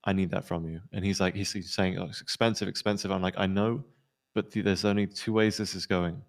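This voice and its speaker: Low-voiced man recounting an arrest. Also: flat delivery. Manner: rapid storytelling, acts out quoted lines. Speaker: police officer in role-play. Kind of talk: in-character debrief recounting an incident.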